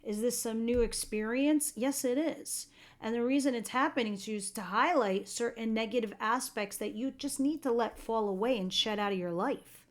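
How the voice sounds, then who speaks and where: A woman's voice: on the high side, moderate pace. A woman giving a tarot reading to camera, chatty and earnest, talking straight to her viewers, a bit tired and yawning. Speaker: tarot reader.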